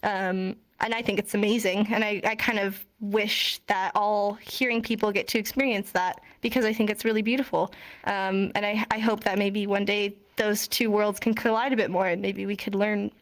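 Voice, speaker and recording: A woman's voice: mid-range voice, flat delivery, normal speed. A young woman casually teaching a sign language class online, chatty with many fillers and frequent laughs.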